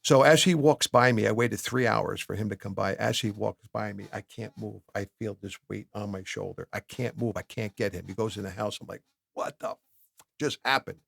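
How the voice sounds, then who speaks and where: A middle-aged man from New Jersey, appearing as a podcast guest in a studio, candidly tells his life story and acts out lots of dialogue along the way. His voice is on the low side and gravelly, with no room sound.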